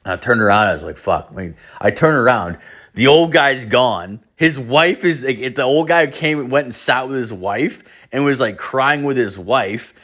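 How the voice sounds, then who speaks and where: A man's voice: medium pitch, animated, normal speed, fairly bright tone. A man in his thirties hosting a podcast, telling a story in a rambling, profane way full of fillers. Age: 30s. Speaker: podcast host. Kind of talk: casual storytelling monologue.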